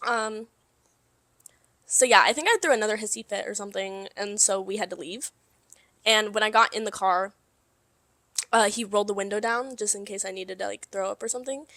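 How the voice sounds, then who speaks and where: A young woman co-hosting a casual podcast, telling a story in an animated way with lots of swearing and laughter. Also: mid-range voice, a little fast, pauses often, dry recording. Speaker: podcast co-host. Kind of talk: casual chat.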